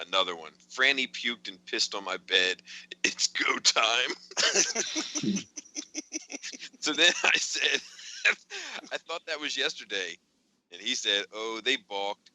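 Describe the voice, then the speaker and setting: A man hosting a podcast in casual chat, recounting a string of text messages in an animated way. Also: on the low side, no echo, poor audio. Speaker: podcast host.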